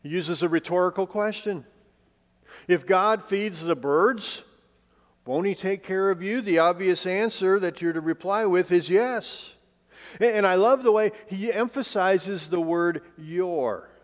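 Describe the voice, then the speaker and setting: A man's voice: high-pitched, measured pace. Man preaching in a reverberant hall. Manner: swings from emphatic to hushed, soft delivery; conversational with asides and light humor. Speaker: pastor. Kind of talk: sermon.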